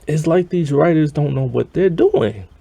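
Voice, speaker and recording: A man's voice: fairly high pitch, animated, normal speed, vocal fry, warm tone, slightly rough, no room sound. A man ranting in an exasperated, rambling way about a TV episode, sighing often. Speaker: show reviewer. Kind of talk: ranting TV review.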